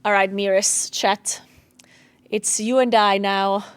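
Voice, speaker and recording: A woman's voice: mid-range voice, steady tone, slow, smooth, dry recording. Chatty woman with a South Tyrolean German accent. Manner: chatty, laughs often, reads out chat thanks. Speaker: streamer. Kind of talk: casual gaming stream chat.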